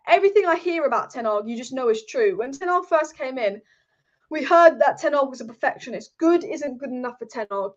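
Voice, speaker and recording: Woman host, quick and high-pitched, swears freely and repeats her points in a casual rant. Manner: fired-up, swearing, repetitive. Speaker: football channel host. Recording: dull lo-fi audio.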